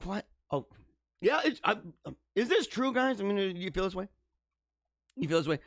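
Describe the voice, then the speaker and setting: A young man hosting a livestream, reacting to news stories with animated, mock-outraged rants and bursts of laughter. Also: sits high, normal speed, no echo, clean studio sound. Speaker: livestream host. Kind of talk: casual livestream commentary.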